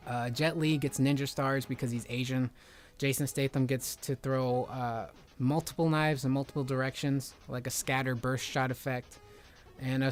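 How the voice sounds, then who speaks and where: A man hosting casual game commentary, rambling excitedly with lots of filler words. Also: mid-range voice. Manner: rambling, excitable, heavy use of "like". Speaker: video game reviewer.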